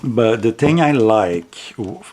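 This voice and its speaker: A man with a French accent, a native French speaker, chatting casually on video in an unhurried, rambling way full of restarts and self-corrections. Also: fairly low pitch, expressive, a little mellow. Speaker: tarot deck reviewer.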